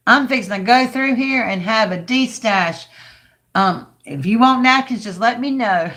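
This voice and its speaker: Hoarse, raspy older woman with a lilt. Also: a little high, normal speed, a bit bright. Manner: chatty, rambling, talks to viewers by name. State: hoarse, losing her voice. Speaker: craft livestream host. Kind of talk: casual craft livestream chat.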